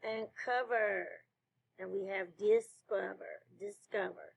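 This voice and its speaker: Slow, gravelly-voiced woman teaching phonics. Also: medium pitch, rough recording. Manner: slow, clear classroom delivery with praise. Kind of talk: phonics lesson for children.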